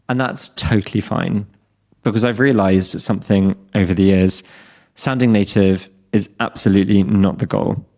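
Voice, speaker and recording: Low-voiced British man teaching English. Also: a little mellow. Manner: candid, self-deprecating, encouraging. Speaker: podcast host and English teacher. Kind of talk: scripted podcast monologue for learners.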